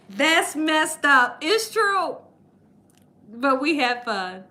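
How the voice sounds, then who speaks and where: A woman hosting a live cooking stream, telling stories in a lively way and laughing often. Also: high voice, drawn-out words, pauses often. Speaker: cooking channel host. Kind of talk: live-stream storytelling chat.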